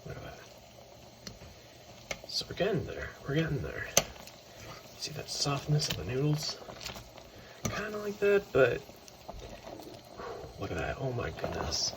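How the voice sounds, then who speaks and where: A man's voice: medium pitch, huge pitch swings, measured pace, long pauses, background noise. A man hosting a casual cooking video in his home kitchen, rambling, correcting himself often and sometimes dropping to a whisper. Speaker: cooking channel host. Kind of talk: casual cooking ASMR chat.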